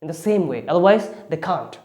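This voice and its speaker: A man's voice: fairly high pitch, expressive, brisk, a little mellow. A man giving a spoken English lesson, often restarting phrases and leaning hard on key words. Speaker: English speaking teacher.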